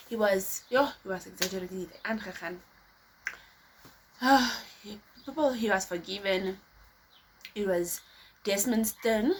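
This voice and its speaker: A woman's voice: on the high side, husky. A woman vlogger telling a story to her viewers in a chatty, casual way, often addressing them as guys.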